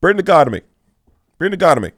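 A man voicing a smooth, confident man who fixes everything, speaking in an assured, easygoing way. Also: on the high side, big pitch swings, quick pace, fairly bright tone, dry recording, studio quality, pitched above the performer's own voice. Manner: easygoing, assured, repeats himself.

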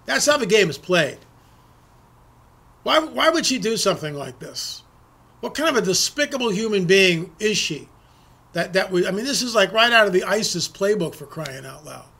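A man's voice: high-pitched, very animated, moderate pace, vocal fry, pushed and bright, slightly rough. A middle-aged man delivering an indignant political opinion monologue, ranting and firing off rhetorical questions. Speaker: political commentator.

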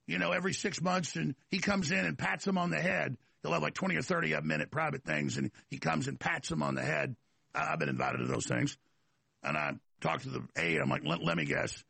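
A man with a high, heavily gravelly voice holds forth as a talk show host in a rambling political monologue. His tone is bright and forceful, with a husky edge, and it sits dry and close to the mic. He stumbles over restarts and repeats words as he drives each point home. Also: no room sound.

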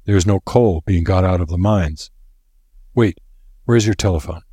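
A man voicing a grim, solemn old professor with a deliberate way of speaking, in a read-aloud story. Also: sits low, mellow, slightly rough, dry recording, clean studio sound.

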